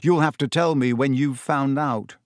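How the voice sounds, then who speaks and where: A man's voice: mid-range voice, fairly even intonation, moderate pace, no room sound, studio quality, natural voice. A man voicing a glum, bitter schoolboy. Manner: heavy, bitter. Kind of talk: audiobook character voice.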